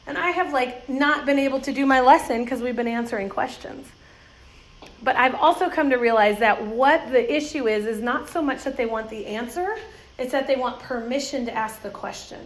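A woman's voice: high voice, normal speed. A woman giving a church talk about children's ministry, telling stories with frequent laughter and acting out the voices of people she quotes. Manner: lively, laughs often, acts out voices in quotes. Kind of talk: talk to a church audience, with anecdotes. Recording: roomy echoey hall sound.

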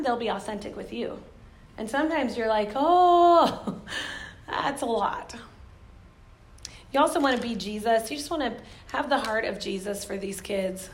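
A middle-aged woman speaking to ministry volunteers, telling candid stories with frequent laughs. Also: fairly high pitch. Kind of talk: motivational talk to volunteers.

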